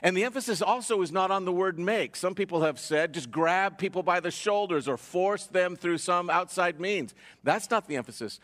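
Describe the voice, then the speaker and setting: A man's voice: normal speed, hardly any pauses. A man preaching a sermon as pastor, earnest, his voice rising and dropping as he presses each point. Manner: earnest preaching, rises and falls in pitch and loudness. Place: church sanctuary. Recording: long reverb of a church hall.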